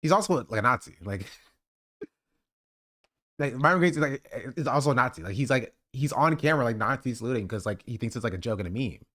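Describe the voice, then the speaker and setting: A man's voice: medium pitch, animated, fast talker, fairly bright tone. Male streamer, casual reaction talk, lots of fillers, mocking laughs.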